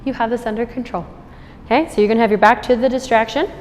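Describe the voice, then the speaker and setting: This is an instructional dog-training demo by a woman indoors at a store, with the acoustics of a large hall. She talks at a quick pace in a steady tone, alternating explanations with bright, high-pitched praise for the puppy.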